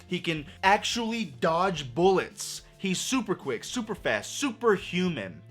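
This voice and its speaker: A man's voice: high-pitched, sing-song, measured pace, a bit bright, faint music behind. A man ranting through a movie review, sarcastic and profane, full of exasperation.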